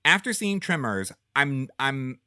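A man chatting casually on a movie podcast, laughing and exclaiming often. His pitch swings widely and his tone is bright and forward. The sound is close and dry. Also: big pitch swings, measured pace, clean tone, dry recording. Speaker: podcast co-host.

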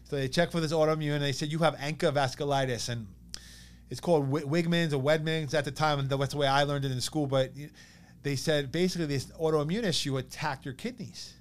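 A man in his thirties with a New York accent, telling a personal story as a podcast guest in an animated way, acting out what others said. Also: a little high, brisk. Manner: animated, quotes others in lively bursts.

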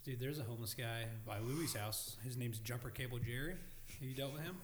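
A man's voice: medium pitch, fairly quick, echoey room, crowd noise. A man telling anecdotes in casual podcast chat, swearing and laughing as he acts out quotes. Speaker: podcast guest, barber.

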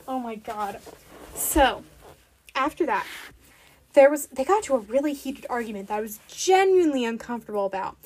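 A woman's voice: a little high, animated, normal speed, darkish tone. A woman giving a casual, opinionated recap of a reality show episode, chatting loosely and leaning hard on "like". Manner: chatty and opinionated, heavy use of "like".

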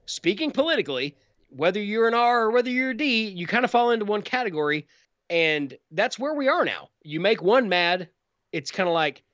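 A man's voice: sits high, sing-song, a little fast, fairly bright tone, dry recording, muffled recording. A man chatting casually on a podcast, rambling with many fillers and restarts. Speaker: podcast co-host. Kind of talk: casual chat.

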